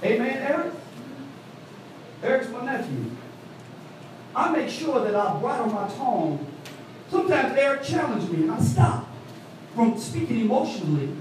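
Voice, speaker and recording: A man preaching an animated call-and-response sermon, recorded from a distance in a church. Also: normal speed, pauses often, a little hiss or hum. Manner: animated call-and-response preaching, voice swooping high for quoted women. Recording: echoey hall, mic from afar.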